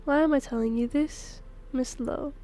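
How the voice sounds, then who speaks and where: Woman streamer voicing a desperate young mother, high voice, self-pitying and resentful. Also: fairly even intonation, normal speed, warm tone, natural voice. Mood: bitter.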